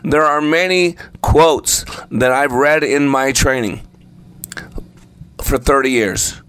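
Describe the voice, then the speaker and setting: A man's voice: medium pitch, slow, a bit bright, clean tone. A man preaching a sermon, speaking emphatically and repeating phrases for effect. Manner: acts out the story voices while telling it.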